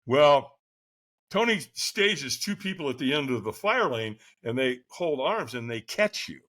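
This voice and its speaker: A man guest on a podcast, telling a personal story in an animated way, often checking in with a quick "right?". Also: medium pitch. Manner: lively, keeps asking "right?".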